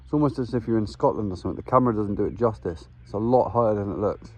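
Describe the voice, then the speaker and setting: A young travel vlogger hikes up a windy hillside, chatting to his phone camera in a matey, casual way as he walks. His lowish voice comes out rapid-fire with a breathy edge, and wind and outdoor ambience fill the background.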